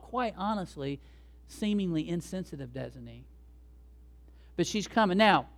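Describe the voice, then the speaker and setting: A male pastor delivers a sermon in a conversational way, tossing rhetorical questions to the congregation. His voice sits notably high for a man.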